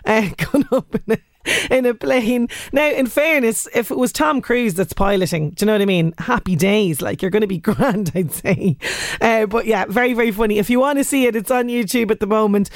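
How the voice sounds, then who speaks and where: A woman's voice: on the high side, fairly quick, dry recording. A woman with an Irish accent presenting a radio show in casual chat, laughing often as she talks.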